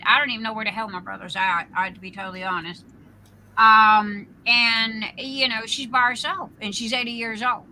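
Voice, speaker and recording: A woman's voice: fairly high pitch, steady tone, normal speed, pushed and bright, rough recording. A woman in her sixties telling her personal story on a livestream, blunt and profane with lots of ums and uhs. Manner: blunt and profane, with frequent fillers. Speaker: livestream host.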